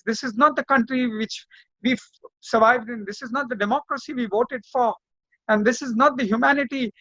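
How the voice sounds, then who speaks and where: A man's voice: very high voice, pushed and bright, dry recording. A man, a lawyer telling his story in an interview in an impassioned, repetitive way. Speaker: lawyer and activist guest. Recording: dull, lo-fi sound.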